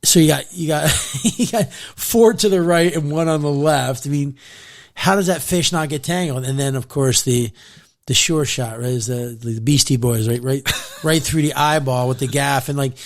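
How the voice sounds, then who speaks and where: A man from New Jersey, here as a podcast guest, tells fishing stories in a loose, animated way. His voice sits in a middle register, and he keeps breaking into laughter and leaving sentences unfinished. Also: mid-range voice, moderate pace. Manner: animated, laughing often, trails off mid-sentence. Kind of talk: casual fishing storytelling.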